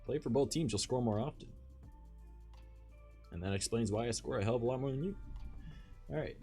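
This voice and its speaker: A man's voice: mid-range voice, a little fast, warm tone, soft background music. A man in his twenties, streaming and chatting casually, blunt and profane, laughing often. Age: 20s. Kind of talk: casual chat on a live stream.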